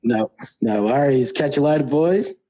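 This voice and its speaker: A man's voice: medium pitch, lively intonation, a little slow, highs cut off, crowd noise. A man with an Australian accent, calling in to a podcast and giving a casual, swear-laden review. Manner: laid-back, swears freely, chummy slang. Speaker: caller. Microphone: phone call.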